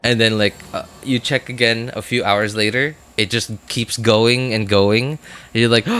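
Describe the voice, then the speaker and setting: Over faint music, a man streams a video game in a steady, measured voice on the low side that is pushed, bright, clear and resonant. His casual talk wanders, packed with filler words and frequent laughter at himself.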